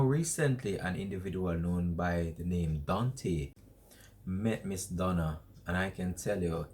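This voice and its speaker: A man's voice: sits low, a little mellow, a little hiss or hum. A man presenting an entertainment news show in an announcer-like way, repeating the show's name.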